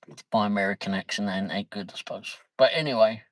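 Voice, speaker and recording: A man's voice: lowish voice, quick pace, no echo, poor audio. A middle-aged man, chatting casually on his livestream, reading viewer comments, laughing easily and swearing mildly. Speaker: livestream host.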